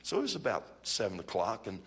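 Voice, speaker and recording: A man's voice: lowish voice, huge pitch swings, fast talker, creaky, fairly bright tone. A man preaching at a church conference, telling a folksy, joking story and acting out the people he quotes. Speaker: bishop preaching. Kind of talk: storytelling sermon.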